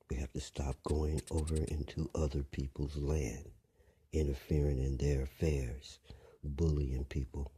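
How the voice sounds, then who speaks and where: An older man delivering a blunt, rambling monologue, often dropping to a rough whisper. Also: a bass voice, warm tone. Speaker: commentator. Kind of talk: preachy monologue.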